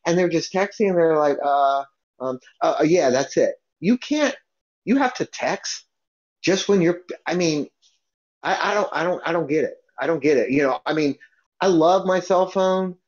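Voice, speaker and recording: A man's voice: sits high, moderate pace. A man co-hosting a casual podcast, rambling with restarts and repeated phrases. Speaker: podcast co-host. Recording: dull lo-fi podcast recording.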